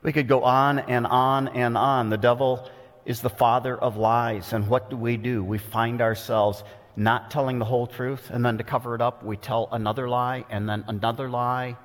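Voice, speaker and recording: A man's voice: flat delivery, moderate pace. Man preaching in a reverberant hall. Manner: earnest, pointed, dramatic shifts in pitch for quoted voices. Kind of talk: expository sermon. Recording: long reverb of a large hall.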